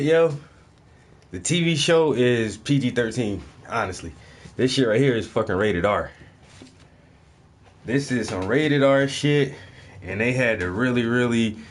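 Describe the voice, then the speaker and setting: This painting vlogger has a mid-range voice and a drawl, chatting on a casual livestream as he paints in a fluorescent-lit room at home. His talk is profane and full of easygoing slang, broken up by frequent laughter, with slight background noise.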